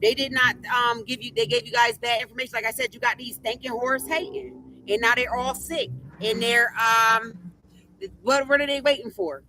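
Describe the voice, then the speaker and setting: Brash, bright-voiced woman reading tarot. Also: on the high side, steady tone, normal speed, a little hiss or hum. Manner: brash, profane, boastful, repeats herself. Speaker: tarot reader and streamer. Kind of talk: casual livestream tarot commentary.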